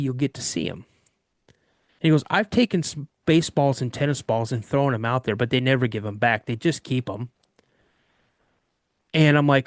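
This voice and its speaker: A man from Washington State telling a childhood story in a casual first-person way, acting out the dialogue in quick, animated bursts. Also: a little high, dry recording, studio quality. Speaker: eyewitness recounting a personal encounter.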